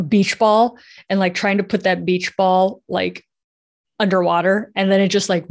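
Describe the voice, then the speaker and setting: A woman with a mid-range, darkish voice hosts a live podcast as a sexual health coach, answering listener questions chattily with many fillers. She's speaking into a headset mic on her headphones.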